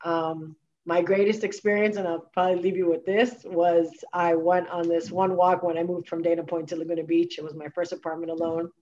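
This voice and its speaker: Woman, wellness coach guest, candid storytelling, emphatic with fillers, somewhat low voice, dull recording. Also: little pitch movement, fairly quick, darkish tone. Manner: emphatic, frequent filler words and restarts. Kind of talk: candid personal storytelling in conversation.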